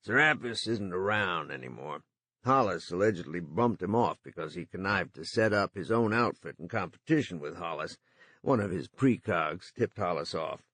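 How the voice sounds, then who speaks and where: A man's voice: low voice, expressive, normal speed, a bit bright, slightly rough, no room sound, full character voice. A man voicing a worried middle-aged businessman who speaks in anxious, rising bursts in an audiobook.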